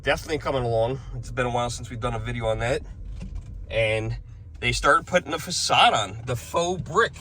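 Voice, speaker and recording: A man's voice: medium pitch, fairly quick, sharp tone. A man talking casually to camera in a rambling, chatty way, often chuckling between stories. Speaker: vlogger.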